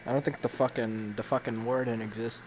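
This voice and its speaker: A man's voice: mid-range voice, steady tone, fairly quick, background noise. A man reacting while playing a VR game, jumpy and panicky and swearing constantly. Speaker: gamer.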